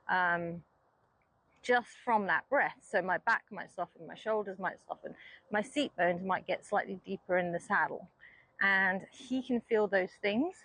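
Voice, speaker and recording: Calm woman riding instructor. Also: mid-range voice, no echo, rough recording. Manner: calm, patient explaining. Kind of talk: explanatory lesson while riding.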